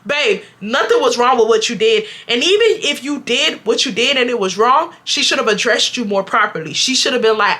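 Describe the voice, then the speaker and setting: A young woman vlogger telling a storytime straight to her viewers, animated and full of slang. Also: on the high side, fairly quick, few pauses. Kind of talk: storytime chat to camera.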